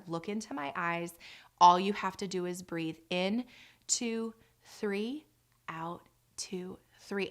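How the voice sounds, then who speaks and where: A woman with a bright, forward voice talks frankly about supporting people through birth. She sounds candid and caring, and at times she drops into a gentle, soothing coaching tone. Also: medium pitch. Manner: warm, candid, drops to soft coaching tones. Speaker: doula and birth educator. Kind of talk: casual explanatory talk.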